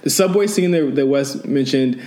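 A man's voice: mid-range voice, normal speed, warm tone. A man talking enthusiastically and analytically about films in a casual chat. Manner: enthusiastic, analytical film talk.

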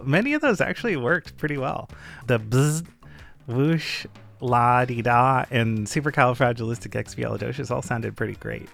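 Gravelly-voiced casual man host. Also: medium pitch. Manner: relaxed, hesitant, with restarts and laughs. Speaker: podcast host. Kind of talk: casual podcast chat.

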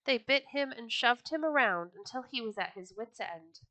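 A woman reading a children's story aloud with an expressive, gentle storytelling manner. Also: a little high, normal speed, no room sound.

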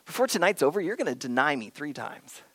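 A preacher voicing a calm, gentle male teacher who speaks softly and reassuringly to his friends. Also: medium pitch, fast, no room sound, voice pushed down.

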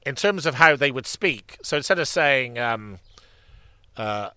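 A man's voice: medium pitch, normal speed, bright, forceful tone, dry recording. A man co-hosting a history podcast, chatting casually and rambling with many restarts and fillers. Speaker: podcast co-host.

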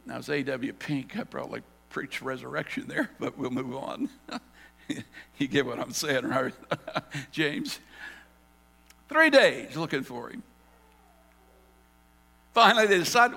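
High, lively male preacher in a big hall. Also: a little slow, gravelly, pauses often. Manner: animated storytelling preacher, swinging from loud to hushed. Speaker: pastor. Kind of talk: sermon. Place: church sanctuary.

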